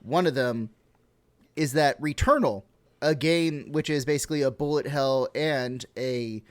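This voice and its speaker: A man's voice: medium pitch, unhurried. Rambling Texan guy on a podcast. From Texas. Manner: rambling, swears casually, explains with many likes. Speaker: podcast co-host. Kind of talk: casual podcast chat.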